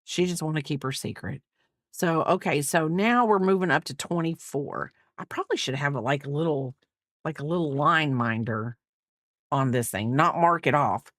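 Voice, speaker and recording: Chatty middle-aged woman vlogger, low voice, dry close sound, rambling casual chat. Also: normal speed, fairly bright tone, no room sound. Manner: rambling, chatty, many fillers and asides. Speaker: crochet vlogger. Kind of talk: casual chat while crocheting.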